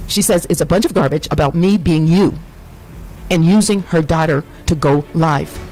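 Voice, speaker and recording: A woman's voice: deep voice, moderate pace, a little mellow, low-quality recording. Rambling woman reading out chat messages. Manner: meandering, self-correcting. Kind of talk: reading her own chat messages aloud.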